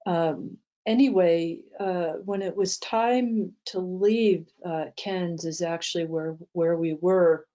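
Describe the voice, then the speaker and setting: A woman's voice: fairly low pitch, slow, few pauses, warm tone, muffled recording. A woman teaching a mindset talk, telling an anecdote with many fillers and restarts. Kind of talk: storytelling talk to an audience.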